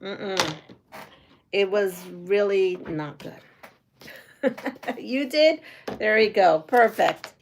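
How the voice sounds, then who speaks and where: A woman hosting a quilting live stream, chatting casually, answering viewer comments and trivia questions as she sews, with frequent giggles and some drawn-out phrases. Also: mid-range voice, slight background noise. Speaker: quilting channel host. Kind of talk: casual live-stream chat while sewing.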